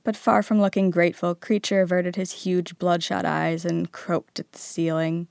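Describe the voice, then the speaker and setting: A woman narrating a storybook aloud with lively character voices, close to the mic. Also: on the low side, moderate pace, gravelly, smooth, dry recording. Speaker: audiobook narrator. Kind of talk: storybook reading.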